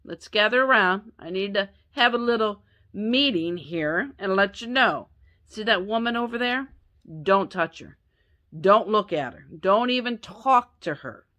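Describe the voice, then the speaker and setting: A bossy landowner , put on by a woman storyteller, calls his men together and lays down the law. He sounds protective and mock-menacing, pushing his voice louder than plain talk. He takes the time to spell out every threat. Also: mid-range voice. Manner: bossy, gathering the men for a warning.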